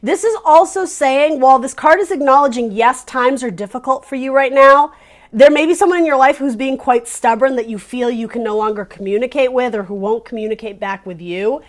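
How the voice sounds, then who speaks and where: A woman's voice: high-pitched, brisk. Woman reading tarot, meandering. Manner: meandering, searching for words as she goes; speaks straight to the viewer. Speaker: tarot reader. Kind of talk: casual spoken tarot reading.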